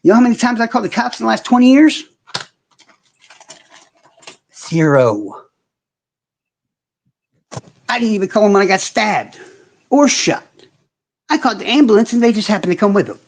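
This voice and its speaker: A man's voice: high-pitched, big pitch swings, a little fast, creaky, pauses often. A man hosting a casual livestream, ranting in heavy profanity and answering viewers' comments directly. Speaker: livestream host.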